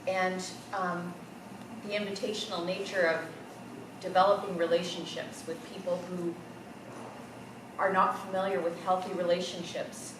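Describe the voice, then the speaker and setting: A woman's voice: fairly low pitch, level tone, normal speed, long pauses. A woman from the audience asking a question, hesitant and searching for words. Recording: echoey hall, distant mic, noise.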